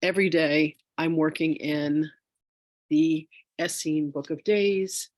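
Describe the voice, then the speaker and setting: A middle-aged woman teaching a live online class as a spiritual teacher, telling her own story with lively acted-out dialogue, speaking into a phone. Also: sits low, takes it slowly, dry recording. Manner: animated storyteller, acts out quoted dialogue.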